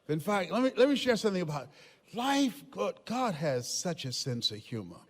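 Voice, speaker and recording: An older man giving a motivational speech to a live audience, telling stories with emphasis, often shouting and laughing. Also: high voice, big pitch swings, moderate pace. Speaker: motivational speaker. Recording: long hall reverb.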